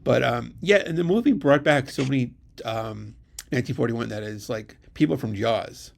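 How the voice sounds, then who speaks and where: A man hosting a casual interview, talking haltingly with many fillers and restarts. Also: mid-range voice, gravelly. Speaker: host.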